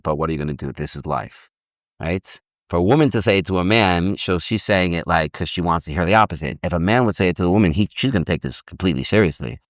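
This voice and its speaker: A man giving an informal lecture as a rabbi, animated and repetitive, often acting out little dialogues, on a dull, dry recording. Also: deep voice, dry recording. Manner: animated, repeats words, acts out dialogue. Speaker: rabbi teaching on marriage. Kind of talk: informal lecture with audience questions.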